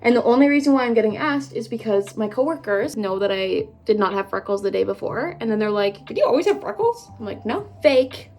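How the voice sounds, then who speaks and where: A woman's voice: medium pitch, steady tone, fast talker, few pauses, darkish tone, a little hiss or hum. A woman in her twenties from Canada, chatting casually to viewers while doing her makeup, bubbly and full of rambling asides. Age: 20s. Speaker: beauty vlogger. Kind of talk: casual get-ready-with-me chat.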